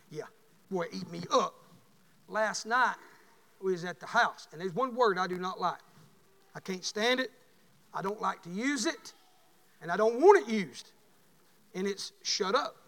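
A middle-aged preacher man with a high, ringing voice. He tells homespun stories, then swells into fervent, shouted exhortation. The sound carries the long reverb of a church hall. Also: animated, a little slow, creaky, pauses often. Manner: folksy storytelling, rising to fervent shouts. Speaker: pastor. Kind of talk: sermon.

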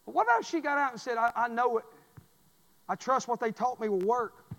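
A man preaching a folksy sermon, telling stories and rising into shouts. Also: extremely high pitch, brisk, gravelly. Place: church sanctuary. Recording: long reverb of a church hall.

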